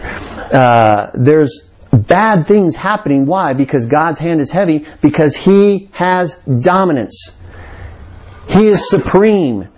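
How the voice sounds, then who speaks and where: A man's voice: a little high, darkish tone, muffled recording. A man preaching a sermon, reading scripture aloud and then explaining it with emphatic repetition. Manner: reads scripture aloud then explains, stresses key words. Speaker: pastor. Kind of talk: expository sermon.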